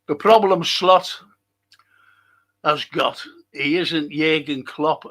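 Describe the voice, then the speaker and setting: A man's voice: medium pitch, creaky, a bit bright. A middle-aged man hosting a casual live stream, reading out viewer comments, answering them and swearing now and then.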